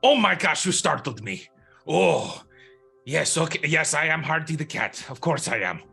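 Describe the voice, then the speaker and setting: A man voicing a fussy, punctual male tavern cat who talks in a flustered, hurried way. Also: fairly high pitch, sing-song, gravelly, pushed and bright, soft background music, voice pushed up, full character voice.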